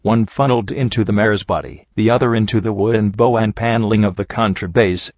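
A man narrating a storybook audiobook in a steady, measured way. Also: fairly low pitch, no room sound. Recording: dull lo-fi recording.

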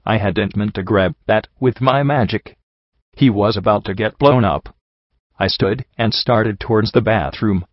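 A man reads a first-person story aloud in a steady, even way. His voice sits on the low side. The recording is dry with no room sound and a little muffled. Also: unhurried, dry recording. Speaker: audiobook narrator. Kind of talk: fan fiction reading. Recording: dull, dry home recording.

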